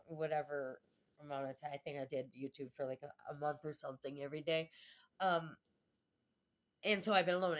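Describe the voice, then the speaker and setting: A middle-aged woman vlogging a rambling personal monologue, chatty, laughing often and trailing off mid-thought. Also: deep voice.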